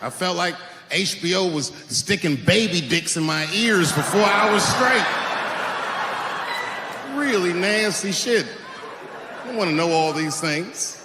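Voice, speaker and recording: Man doing standup, loud n swearing, long hall echo, noisy crowd. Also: high voice, unhurried, pauses often. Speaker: stand-up comedian. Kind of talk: stand-up comedy. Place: large venue on stage. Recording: echoey hall with live crowd.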